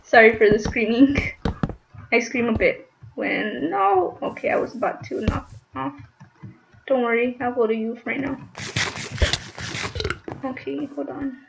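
High-voiced giggly young woman gamer. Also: unhurried, creaky, long pauses. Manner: chatty, giggly, squeals when startled. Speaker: gaming channel host. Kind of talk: casual gameplay commentary. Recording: dull lo-fi mic with faint noise.

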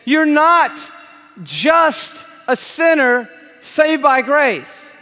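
A man's voice: extremely high pitch, very animated, very slow, bright, forceful tone. A man preaching at a large conference, emphatic and drawn out, with playful asides. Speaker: conference speaker. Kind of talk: sermon. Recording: reverberant live hall.

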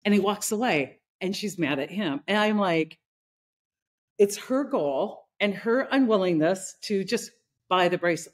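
A middle-aged woman talking in a relaxed conversational podcast, telling a workplace story and acting out the people in it. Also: medium pitch, measured pace. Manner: animated, acts out quoted people in her stories. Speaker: leadership consultant and host.

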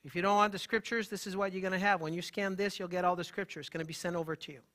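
In a high-pitched, rapid-fire delivery, a holistic health practitioner speaks live with great animation and emphasis. He keeps up a running banter with the audience in the room.

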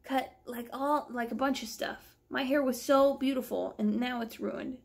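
A young adult woman vlogger at home, telling a long story in an animated, rambling, exasperated way. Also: high-pitched, moderate pace, creaky. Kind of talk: casual storytelling vlog.

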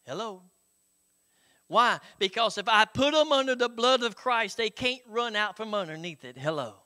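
A man's voice: sits high, animated, moderate pace, bright, forceful tone. A middle-aged man preaching a sermon as pastor, in a folksy, conversational way with frequent "Hello?" call-outs and chuckles.

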